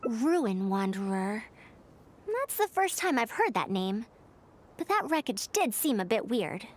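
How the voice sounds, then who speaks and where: Faruzan, a proud, sharp scholar. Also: female voice, on the high side, big pitch swings. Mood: curious. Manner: measured, confident and inquisitive, slightly formal. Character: proud, sharp-minded female scholar of old machines.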